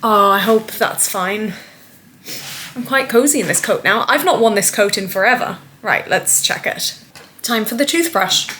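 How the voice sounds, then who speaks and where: A woman's voice: medium pitch, lively intonation, moderate pace, pushed and bright, roomy sound, a little hiss or hum. A woman chatting casually to camera at home, thinking aloud in a self-deprecating way. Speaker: vlogger.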